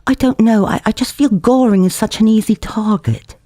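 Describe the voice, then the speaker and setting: A man's voice: high voice, moderate pace, warm tone, no room sound, studio quality, voice pushed up, close to an everyday voice. A man voicing an over-earnest young woman, plaintive and gushing in a rehearsal discussion.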